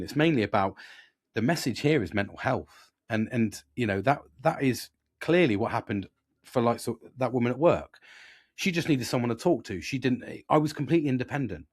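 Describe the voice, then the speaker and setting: A man's voice: medium pitch, lively intonation, a little fast, slightly rough, no echo. Sweary British man, earnest and dry. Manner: earnest, sweary, rambling with restarts. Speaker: podcast host. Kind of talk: reflective podcast monologue.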